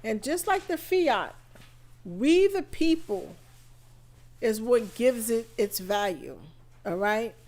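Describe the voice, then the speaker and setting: A woman hosting a live podcast stream, feeling under the weather and chatting in an unhurried, rambling way full of fillers. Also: fairly high pitch, lively intonation, darkish tone. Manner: unhurried, chatty, thinking aloud with many fillers. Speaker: podcast host. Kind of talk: casual live-stream talk.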